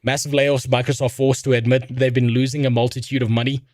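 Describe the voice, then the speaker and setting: A man's voice: mid-range voice, flat delivery, fast talker, a little mellow, no room sound. Sarcastic, foul-mouthed streamer guy, dry mic. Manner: profane, rambling, sarcastic. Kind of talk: casual reaction stream commentary.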